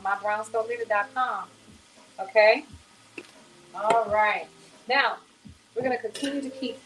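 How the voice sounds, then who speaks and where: A woman's voice: a little high, a little hiss or hum, poor audio. A woman hosting a casual home cooking demonstration, talking to viewers in a chatty, folksy way. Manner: chatty and folksy, addresses viewers as y'all and honey. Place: home kitchen.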